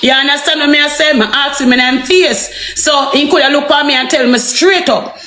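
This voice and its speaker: A woman's voice: high voice, a little fast, sharp tone, slight background noise. A woman with a Jamaican accent ranting to viewers on a livestream. She repeats herself and keeps asking rhetorical questions. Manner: heated, repetitive, rhetorical questions. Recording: echoey room, faint music.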